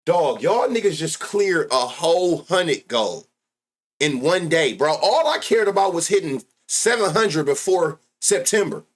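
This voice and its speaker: A man hosting a sports betting livestream, chatting casually with loud excitable outbursts and heavy slang. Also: a little high, measured pace. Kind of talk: casual live-stream chat.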